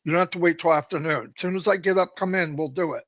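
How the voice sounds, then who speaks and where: A man's voice: fairly high pitch, fast talker, fairly bright tone, no echo, highs cut off. A man speaking as a co-host in a casual live-stream chat, dry and matter-of-fact.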